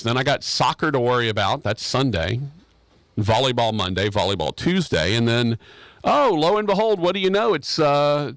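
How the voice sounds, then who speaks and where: A man's voice: medium pitch, a bit bright, dry recording. A man hosting a casual sports radio show, rambling and joking with restarts. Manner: rambling, joking, repeats himself. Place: radio studio.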